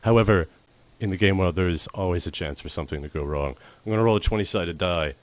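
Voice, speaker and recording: A man running a tabletop game as dungeon master, chatty and quick with asides, often laughing. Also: sits low, no echo. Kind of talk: narrating a tabletop game on a livestream.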